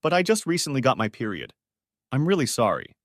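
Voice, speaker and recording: A man voicing a young wife in an audiobook story, speaking softly and apologetically in a raised voice. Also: mid-range voice, huge pitch swings, a little fast, no room sound, clean studio sound, voice pushed up. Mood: placating. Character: sweet-talking unfaithful wife, young adult woman.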